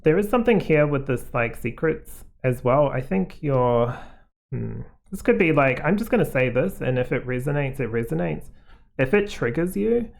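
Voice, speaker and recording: A man giving a casual, rambling tarot card reading to viewers, full of "like" and "um", in a gently reassuring way. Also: fairly high pitch, animated, normal speed, vocal fry. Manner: rambling, heavy on fillers like "like" and "um".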